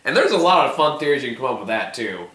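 Hoarse male vlog host, rambling and swearing, bright tone, roomy echo. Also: medium pitch, very animated, fast. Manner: rambling, filler-heavy, swears casually. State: hoarse, voice giving out. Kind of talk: casual TV episode discussion.

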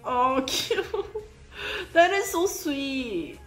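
A woman hosting a reaction channel, reacting out loud to a fan video in an expressive, exclamatory, chatty way. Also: sits high, extremely slow, reverberant, faint music behind.

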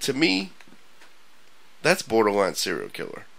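A man co-hosting a loose radio chat show, his low voice bright and forceful as he rambles through stories. He restarts sentences often and keeps an animated, storytelling drive. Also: measured pace, creaky, low-quality recording. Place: radio studio.

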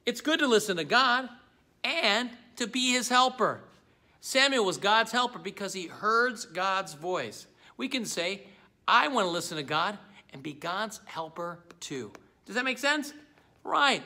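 Man, pastor, children's message, bright voice, animated, sing-song, speaking to kids. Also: high voice, a little slow.

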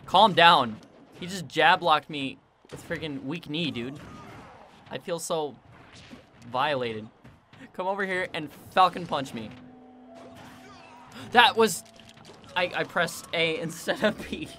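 Excitable young-sounding male gamer, bright voice. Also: on the high side, soft background music. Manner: excitable, self-mocking, quick to vent. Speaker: gaming video creator. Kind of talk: casual gameplay commentary.

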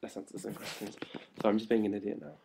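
A man's voice: fairly low pitch, level tone, fast talker, vocal fry, a little hiss or hum. Hyper, playful young man on a webcam. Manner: hyper and playful, gets louder as it goes on. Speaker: livestream host answering fan questions. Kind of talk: casual live webcam chat. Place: indoors at home. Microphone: laptop webcam mic.

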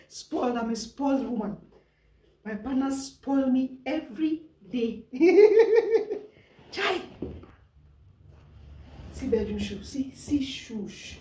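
Young Nigerian woman vlogger, slow easygoing talk, laughs a lot, mixes Pidgin in; recorded in an echoey room from off-mic. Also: high voice, animated, mellow, distant mic, a little hiss or hum. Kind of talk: casual unboxing vlog.

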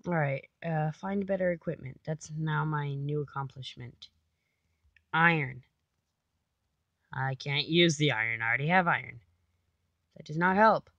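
Young woman gamer, low-pitched, dry close mic, chatty self-talk, playful repetition. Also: fairly bright tone, dry recording, highs cut off. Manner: chatty, self-talking, repeats silly phrases. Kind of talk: casual gameplay commentary.

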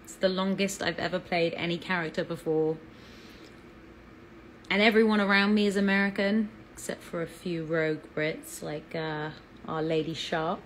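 A woman's voice: lowish voice, steady tone, normal speed, slight background noise, poor audio. A woman with an English accent chatting on a live fan Q&A, bubbly and talkative as she greets viewers. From England. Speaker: actress answering fan questions.

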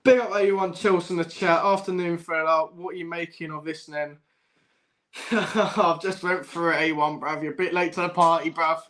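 Hosting a football fan livestream, a young man speaks in a slightly high, somewhat bright voice with a steady tone at normal speed. He chats casually with viewers, laughing often, swearing a lot and constantly saying "bruv."

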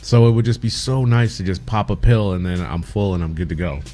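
A man's voice: low voice, brisk, warm tone, faint music behind. A man co-hosting a podcast, teasing his partner and laughing at his rant. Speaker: podcast co-host. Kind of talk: casual podcast chat.

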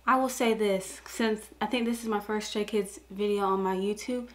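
A young woman hosting a casual reaction video, gushing with excited exclamations. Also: mid-range voice, moderate pace, a little hiss or hum.

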